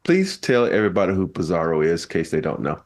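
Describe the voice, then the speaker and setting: Low-ish voice guy on a sports pod, chill and wry. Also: sing-song, fast talker. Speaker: podcast host. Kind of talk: casual sports podcast chat.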